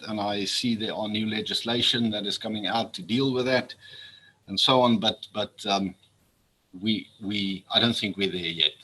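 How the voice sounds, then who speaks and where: A man's voice: on the low side, sharp tone, slightly rough, poor audio. A man gives a formal speech to an assembly as a public official. He speaks earnestly and often repeats words when he feels strongly. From South Africa.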